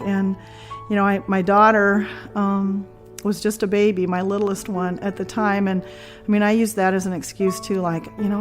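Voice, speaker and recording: A middle-aged woman giving a conversational personal testimony as a guest, earnest and reflective, with frequent ums and restarts. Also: mid-range voice. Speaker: guest telling her personal story.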